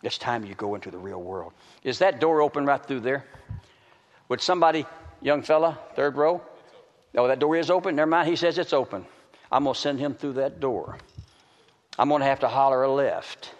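A man preaching a sermon to a congregation, swinging between loud calls and hushed pleading. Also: mid-range voice, normal speed, long pauses. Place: large hall with an audience. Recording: reverberant hall.

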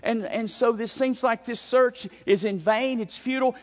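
A man's voice: very high voice, normal speed. A man preaching an expository sermon, emphatic, with frequent stumbling repeated starts. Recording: dull sound in a long-reverb hall.

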